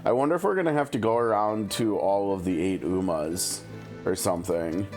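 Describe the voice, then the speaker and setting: A man's voice: fairly low pitch, normal speed, darkish tone. A man chatting casually while streaming a game, musing and thinking aloud. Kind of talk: casual gameplay commentary. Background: game music.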